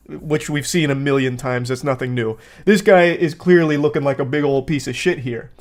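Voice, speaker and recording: A man's voice: medium pitch, normal speed, few pauses. Sarcastic man reading texts aloud. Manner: sarcastic, dry, mocking asides. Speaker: host. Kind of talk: comedic commentary, reading text messages.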